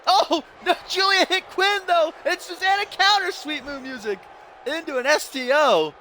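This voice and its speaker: A young man doing excited, exasperated play-by-play commentary while playing a wrestling video game, laughing at the mistakes. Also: very high-pitched, normal speed, a little hiss or hum. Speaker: gaming YouTuber.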